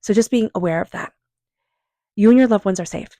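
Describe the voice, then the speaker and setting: A woman doing a tarot reading, speaking in a calm, unhurried, affirming way and softly repeating invocations. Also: mid-range voice, dry recording. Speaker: tarot reader. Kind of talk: tarot card reading monologue.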